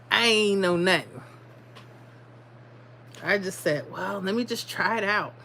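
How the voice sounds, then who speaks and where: A woman's voice: medium pitch, pushed and bright. A woman hosting a casual livestream, talking straight to her viewers in a blunt, motivational way and often repeating herself. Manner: repeats herself, drops into dialect. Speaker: livestream host.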